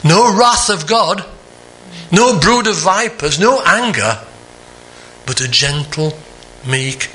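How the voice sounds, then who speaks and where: A man preaching a sermon, earnest, climbing higher for emphasis and dropping soft on the quieter phrases. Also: expressive, slow pace, a little hiss or hum.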